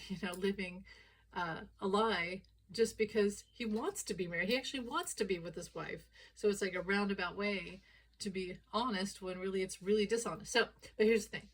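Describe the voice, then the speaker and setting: A woman delivers casual political commentary straight to her audience. She tells her stories with lively energy and slips into short acted voices for the people she quotes. Her speaking pitch sits in an ordinary middle range. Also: a little hiss or hum, low-quality recording. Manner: animated storyteller, acts out quoted dialogue.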